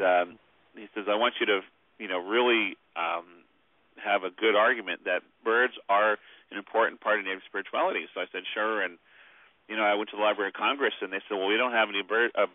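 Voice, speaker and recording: A man's voice: lowish voice, brisk, no echo. A man, an author and guest, telling stories in a rambling way with many fillers over the phone. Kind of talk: phone interview storytelling. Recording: tinny phone line.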